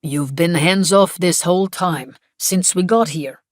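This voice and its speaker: A woman reading the lines of a calm, steady man on a wildlife team in an audiobook. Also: fairly low pitch, normal speed, dry recording, clean studio sound, lightly acted. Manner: calm, reasoning.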